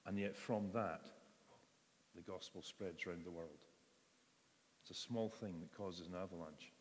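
A man's voice: sits low, measured pace, slight background noise. A man preaching a sermon in a church, talking in a conversational way and acting out the voices in the story. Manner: conversational, acts out voices in quotes. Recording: long reverb of a large hall.

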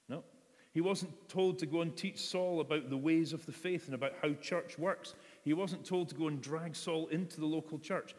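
A man's voice: on the high side, normal speed. A man preaching a sermon in a church, talking in a conversational way and acting out the voices in the story. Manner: conversational, acts out voices in quotes. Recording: long reverb of a large hall.

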